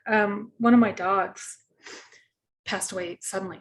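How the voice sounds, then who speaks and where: A woman's voice: medium pitch, steady tone, measured pace, a little hiss or hum. A woman hosting an interview, talking earnestly and telling personal stories with plenty of fillers. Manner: earnest, relatable storytelling with many fillers. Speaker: host. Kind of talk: conversational interview.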